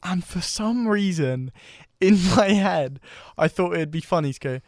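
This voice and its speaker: A man's voice: high voice, unhurried, no echo, clean studio sound. A young man co-hosting a podcast, telling an awkward story with lots of laughter. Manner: laughing, animated anecdote teller. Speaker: podcast co-host. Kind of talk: casual chat. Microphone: studio mic.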